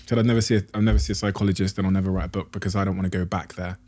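Man, podcast host, fast-paced, mellow dark tone, husky, measured questions. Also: low voice, fairly even intonation. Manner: measured, retells stories to frame questions. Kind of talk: in-depth interview questions.

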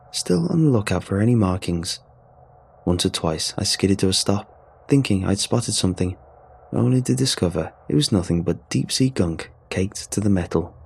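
A man's voice: low-pitched, vocal fry, darkish tone, slightly rough. A man reading a first-person adventure story aloud in a wry, sardonic manner. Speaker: narrator. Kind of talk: scripted story narration.

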